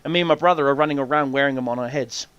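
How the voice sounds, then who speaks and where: A man hosting a podcast, telling an animated story full of swearing and acted-out voices. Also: mid-range voice, rapid-fire, smooth, dry recording, muffled recording. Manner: swears freely, animated, acts out quoted voices. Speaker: podcast host. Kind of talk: casual storytelling chat.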